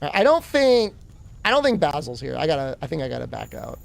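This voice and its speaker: A man's voice: on the high side, big pitch swings, a little fast, gravelly. A man streaming a game, rambling and joking with his chat in a casual way. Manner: rambling, joking, talks to chat while playing.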